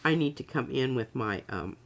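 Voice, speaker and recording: A woman's voice: very deep voice, expressive. A woman artist demonstrating on a livestream, chatting casually and thinking aloud, often trailing off mid-sentence. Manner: halting, trailing off, thinks aloud while working. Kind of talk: casual craft demo chat.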